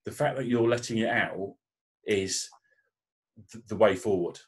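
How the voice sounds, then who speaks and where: A man's voice: fairly low pitch, unhurried, slightly rough. A man, likely in his thirties, speaking as a guest on a panel, telling a candid personal story with emotion and frequent restarts.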